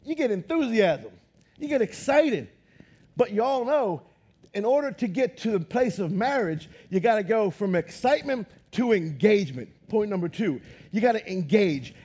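Loud, animated high-voiced pastor. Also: male voice, husky. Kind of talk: lively sermon. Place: church auditorium.

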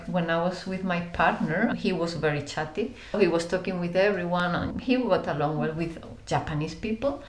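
A woman, telling stories as an interview guest in a lively way, acting out voices and using many fillers. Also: fairly low pitch, reverberant. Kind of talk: conversational storytelling.

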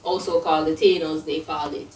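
A woman's voice: low-pitched, steady tone, brisk, far from the mic, noisy background. A young Jamaican woman co-hosting a podcast in casual chat, joking and trailing off as she talks. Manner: chatty, joking asides, trails off. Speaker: podcast co-host. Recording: roomy, set back from the mic.

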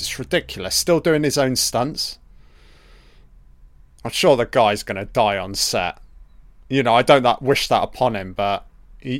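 A man's voice: medium pitch, no echo. A man giving a casual, profane audio commentary over a film, joking and talking back at the characters.

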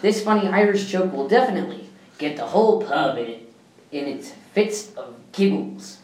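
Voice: mid-range voice, lively intonation, moderate pace, a little mellow, echoey room, distant mic, low-quality recording. A person reading a countdown of jokes aloud, often stumbling and restarting mid-sentence. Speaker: joke reader.

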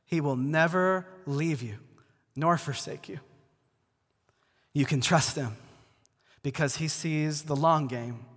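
A man's voice: a little high, slow pace, pauses often. A male pastor giving a conversational sermon to a congregation, talking casually and often restarting his words. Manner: relaxed, repeats words as he restarts, addresses the congregation directly. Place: church before a live congregation. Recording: long hall reverb.

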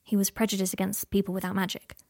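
A woman voicing a caring young wizard man in a storybook reading, speaking softly. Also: medium pitch, monotone, fast, creaky. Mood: earnest.

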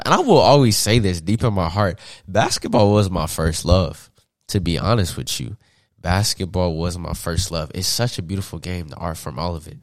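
A young man from Atlanta, a podcast guest, telling stories in a casual, slangy, animated way and laughing often. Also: deep voice, dry recording, studio quality. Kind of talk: casual storytelling.

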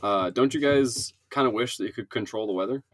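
A man's voice: lowish voice, a little fast. A man from Minnesota co-hosting a casual chat podcast, explaining his points at length in a loose, rambling way. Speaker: podcast co-host.

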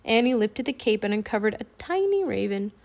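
A woman narrating a children's audiobook with clear, expressive storytelling. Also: medium pitch, a little fast.

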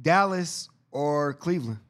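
A man rambles through a casual podcast chat with an excitable, slangy delivery. He repeats his points again and again as he argues them. His voice sits a little on the higher side. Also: measured pace. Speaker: podcast host.

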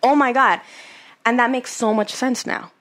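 A woman telling a personal story in a casual chat, animated and swearing a lot as she gets heated. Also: a little high, normal speed. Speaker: podcast guest telling her story.

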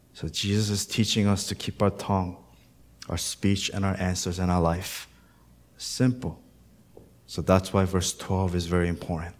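A pastor with a very low, slightly mellow voice preaches a sermon. He speaks plainly and conversationally, drifting into casual storytelling asides between points of scripture.

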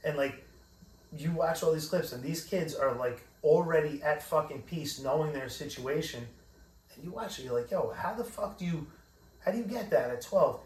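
A man in his forties talks in a slightly higher register, rambling and cursing as he tells emotional stories. He sits a little back from the mic in an echoey room. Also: moderate pace, far from the mic. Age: 40s. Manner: profane, rambling, emotional storytelling. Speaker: podcast co-host. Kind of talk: casual chat.

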